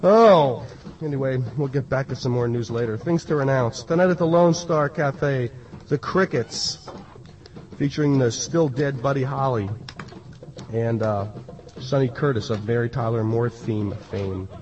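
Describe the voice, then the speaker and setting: A man's voice: mid-range voice, moderate pace, darkish tone. A man working as a radio DJ, reading news and announcements with sardonic, rambling asides and filler words. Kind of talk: casual radio patter. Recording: distant, dull lo-fi radio recording.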